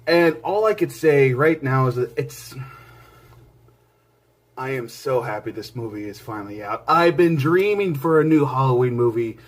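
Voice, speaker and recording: A man hosting his own movie review vlog, talking in an excited, rambling way with lots of restarts and side remarks, jumping between loud bursts and quiet mutters. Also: fairly high pitch. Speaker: movie reviewer and channel host. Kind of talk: casual spoken movie review.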